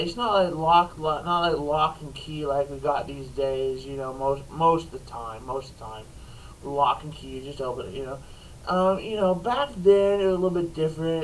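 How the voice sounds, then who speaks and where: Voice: medium pitch, far from the mic, poor audio. A rambling storyteller spins an improvised comic yarn, circling back and restarting sentences as they go. The voice sits a little away from the mic, with a faint hiss of background noise. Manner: rambling, restarts, frequent laughter.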